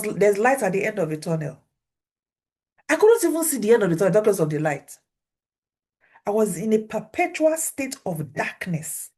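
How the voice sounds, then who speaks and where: A woman preaching a sermon, animated, repeating phrases for emphasis and swinging her pitch widely as she acts out voices. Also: vocal fry, husky.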